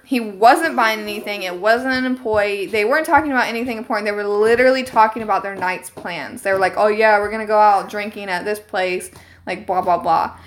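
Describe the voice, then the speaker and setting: A young woman streamer telling a story to her viewers in casual chat, animated, indignant and swearing freely. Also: fairly high pitch.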